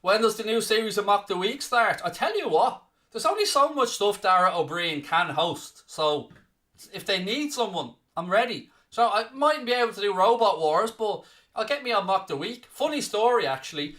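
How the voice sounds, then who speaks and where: A man's voice: sits high, expressive, moderate pace, sharp tone. An Irish man with a Dublin-area accent hosting a live football watchalong, teasing viewers in casual chat and rattling off scores like a presenter. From Ireland. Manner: teasing, mock-scolding replies to viewer comments. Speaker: watchalong host.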